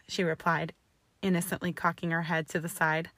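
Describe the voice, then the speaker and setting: A woman narrating a fan fiction story aloud in a steady, expressive way. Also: fairly low pitch, moderate pace, no echo.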